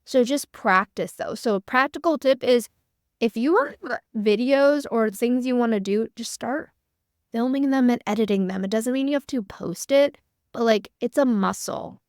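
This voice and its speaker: A woman's voice: a little high, normal speed, smooth, dry recording, clean studio sound. A young woman hosting an online workshop for creators, talking in a candid, chatty way with lots of "like" fillers. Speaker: workshop host. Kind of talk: casual workshop talk.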